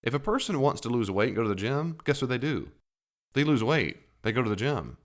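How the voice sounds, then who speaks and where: A middle-aged man giving a casual talk about psychology, animated, laughing at his own jokes and acting out quotes in a higher voice. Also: a little fast. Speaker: psychology teacher.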